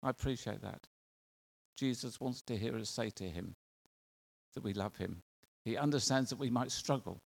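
A man's voice: mid-range voice, normal speed, creaky, long pauses. A man preaching a sermon in an earnest, conversational way, asking the congregation questions.

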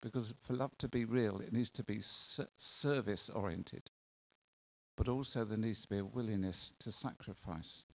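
A man's voice: on the low side, normal speed. A man preaching a sermon in an earnest, conversational way, asking the congregation questions.

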